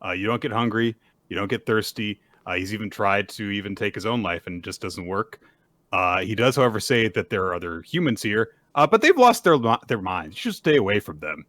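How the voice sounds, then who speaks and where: A man co-hosting a casual podcast, retelling a story with lively acted-out quotes. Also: fairly low pitch, a little fast, dry recording. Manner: animated storyteller, acts out quotes in bursts. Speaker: podcast co-host. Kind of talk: casual chat recapping manga.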